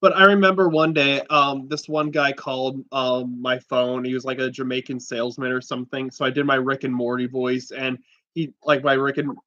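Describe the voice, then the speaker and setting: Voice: medium pitch, level tone, moderate pace, fairly bright tone, no room sound. Rambling young livestream host. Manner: rambling, swearing, fillers. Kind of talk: casual chat. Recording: slightly dull home livestream audio.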